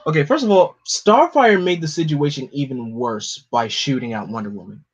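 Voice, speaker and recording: A man's voice: mid-range voice, lively intonation, normal speed, few pauses. A man casually narrating a toy superhero play with offhand asides. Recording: dull lo-fi recording.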